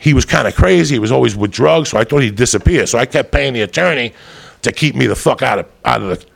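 A man with a deeply gravelly, fry-laden voice at a middling pitch tells a long story, swearing freely. He is animated, and his voice jumps up into loud put-on voices whenever he quotes someone. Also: fast talker. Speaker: comedian telling a story. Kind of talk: profane storytelling monologue.

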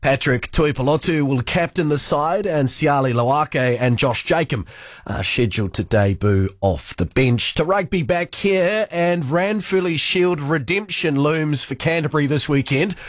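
A man with a New Zealand accent reading a brisk radio sports bulletin on a studio mic. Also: on the high side, no echo. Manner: brisk, self-deprecating about hiccups. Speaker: sports newsreader. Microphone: studio broadcast mic.

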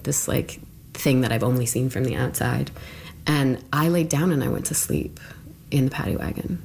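A woman's voice: very deep voice, a little mellow, slight background noise. A woman interviewee recounting a personal story in a casual, loose way, full of filler words.

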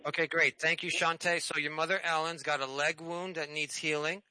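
A man's voice: a little high, flat delivery, moderate pace, pushed and bright, no echo, low-quality recording. A man hosting a call-in radio program, reading scripture and preaching emphatically, repeating key phrases, then taking callers. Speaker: radio show host and preacher.

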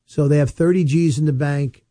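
A man, an estate planning attorney giving casual, chatty advice with storytelling asides and emphatic slowed-down points. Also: on the high side, fairly even intonation, mellow, no room sound. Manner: emphatic, slows down to stress points. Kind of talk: casual advice monologue to camera.

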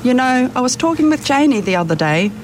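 A woman's voice: high-pitched, very animated, brisk, slight background noise. A woman playing an exasperated middle-aged mum in a radio ad, pleading and persuasive. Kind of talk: radio ad acting.

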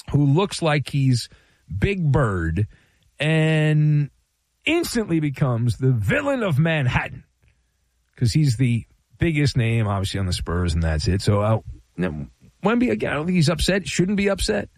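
A man's voice: fairly high pitch, very animated, a little slow, darkish tone, no echo. A man hosting a call-in sports talk radio show, delivering a playful, wry monologue full of rhetorical flourishes.

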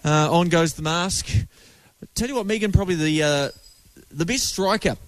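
A male radio co-host with a fairly high voice. He keeps the banter upbeat and teases callers and colleagues alike. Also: moderate pace. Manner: teasing, upbeat. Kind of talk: live breakfast radio banter.

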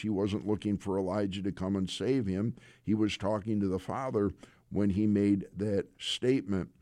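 A man preaching a sermon. He speaks earnestly and unhurriedly and often pauses on "uh". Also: on the low side, mellow, no room sound, clean studio sound. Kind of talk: sermon retelling scripture.

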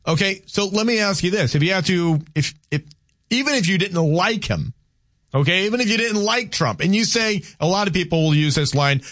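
A man co-hosting a casual political chat in a fairly high voice. He talks in halting bursts and repeats words while he works out his point. The recording is dry and close to the mic. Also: lively intonation, fairly bright tone, no echo. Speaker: co-host.

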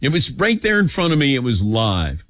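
Animated older male radio host. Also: mid-range voice, normal speed, no echo. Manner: animated storytelling, acts out quotes. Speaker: radio talk show host. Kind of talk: call-in radio chat.

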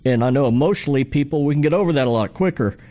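A man with a warm, mellow voice co-hosts a radio talk show. He talks casually and works through his thoughts out loud as he speaks. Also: mid-range voice, expressive, very fast. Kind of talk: casual conversation.

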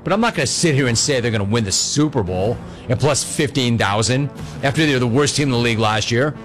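A man hosts a sports talk show, riffing casually and throwing himself into a story. His pitch swings widely as he slips into the voices of other people, and faint music plays under him. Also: expressive. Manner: fast talking, acts out other people's voices in quotes. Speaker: sports talk radio host. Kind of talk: animated casual storytelling monologue.

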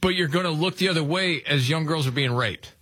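Male host, bright with a husky edge, emphatic and opinionated, dry close sound. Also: fairly high pitch, no room sound. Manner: emphatic, opinionated, quick asides. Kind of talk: casual panel chat.

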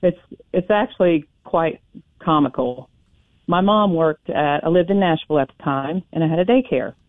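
A woman calling in to a radio talk show, telling a personal story in a chatty, animated way. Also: low-pitched, normal speed, dry recording. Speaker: caller. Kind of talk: phone-in storytelling. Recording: tinny phone line.

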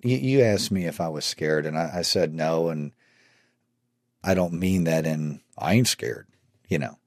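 Very deep-voiced Texan man. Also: normal speed, darkish tone, no echo, studio quality. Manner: earnest, qualifying his words. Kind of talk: recorded oral history interview.

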